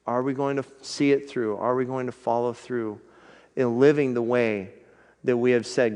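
A male pastor giving an earnest, conversational sermon in a church, slowing down for emphasis and closing in prayer. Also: mid-range voice, steady tone, darkish tone, big-room sound.

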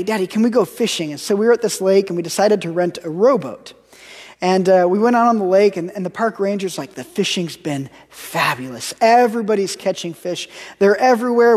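American pastor preaching in a reverberant hall. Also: male voice, high-pitched, a little mellow, slightly rough. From United States. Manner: storytelling, with frequent repeated words and restarts. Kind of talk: sermon.

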